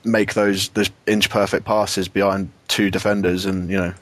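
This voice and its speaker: British man, young, low-pitched, chatty basketball talk, dry close sound. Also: little pitch movement, normal speed, a bit bright, no echo. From United Kingdom. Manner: chatty, many restarts and fillers, laughs often. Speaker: podcast co-host. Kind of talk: casual basketball chat.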